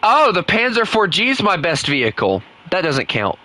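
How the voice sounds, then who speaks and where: A man's voice: sits high, wildly swooping pitch, normal speed, bright, forceful tone. A man with a Southern US accent, chatting casually to his viewers while streaming a game, rambling and thinking aloud. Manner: chatty, rambling, fillers, talks to chat. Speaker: gaming streamer. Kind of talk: casual live commentary.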